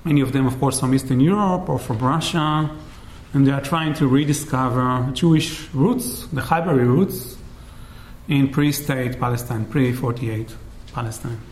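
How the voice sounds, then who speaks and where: A man giving an academic lecture in a measured way, often checking in with "right?". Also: mid-range voice. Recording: roomy echo.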